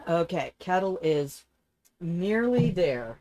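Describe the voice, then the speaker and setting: A woman's voice: fairly low pitch, sing-song, slow, darkish tone, no echo. An older woman hosting a live game stream, chatting playfully and answering her chat as she plays.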